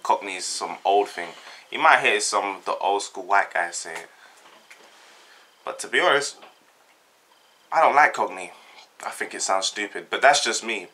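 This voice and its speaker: A man's voice: fairly low pitch, expressive, moderate pace, pauses often, sharp tone. A young man from South London with a South London accent, chatting casually and jokily with lots of slang. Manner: laid-back, jokey, rambling with slang. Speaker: vlogger. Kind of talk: casual chat, answering a tag.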